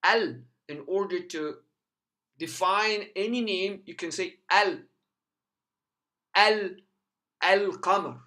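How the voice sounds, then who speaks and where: A man's voice: high voice, takes it slowly, sharp tone. A man teaching a language lesson who patiently models each sound several times. His first language is Arabic.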